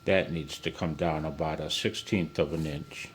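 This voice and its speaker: A man's voice: very deep voice, fairly even intonation, normal speed, hardly any pauses, breathy edge. A man in a home workshop chatting to camera in a rambling, self-mocking way while filing metal, sometimes a little out of breath. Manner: self-mocking, wandering asides. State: slightly out of breath. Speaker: ham radio hobbyist. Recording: faint background noise with filing and clicks.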